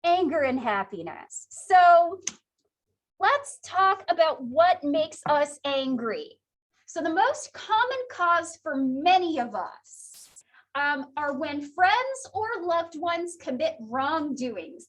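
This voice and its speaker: A woman's voice: sits high, takes it slowly. A young adult woman lecturing a psychology class in a chatty way, with asides to her students. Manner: animated, chatty, with asides and laughs. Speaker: psychology instructor.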